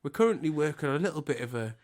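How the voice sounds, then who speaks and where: A man with a fairly high voice co-hosts a podcast over a remote call. He rants and mocks in quick, sweary bursts, and every bit stays casual banter. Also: lively intonation, darkish tone. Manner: sweary, ranting, quick to mock. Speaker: podcast co-host.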